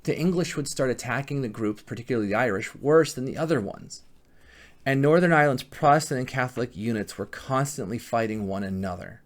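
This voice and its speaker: A man's voice: mid-range voice, animated. A man giving a history lecture, often stopping to correct himself mid-word as he explains. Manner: halting, frequent restarts and self-corrections. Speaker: history teacher.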